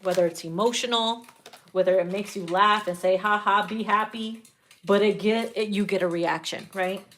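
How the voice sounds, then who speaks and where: A woman giving a casual tarot reading, blunt and profane, laughing loudly at her own jokes. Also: medium pitch, normal speed. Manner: blunt, profane and animated, breaks into loud laughter. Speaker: tarot reader.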